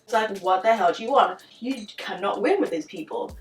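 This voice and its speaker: A young woman chatting casually in a vlog, animated and full of "like" fillers. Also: medium pitch, moderate pace. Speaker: beauty vlogger. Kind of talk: casual chit-chat vlog. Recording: roomy sound, a little distant from the mic, faint music behind.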